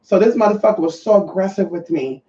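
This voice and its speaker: A sassy trans woman vlogs in a mid-range, expressive, mellow voice, talking fast and swearing a lot. She tells stories casually and directly to her viewers, calling them honey and y'all. Set back from the mic in an echoey room, she sounds distant, muffled and dull.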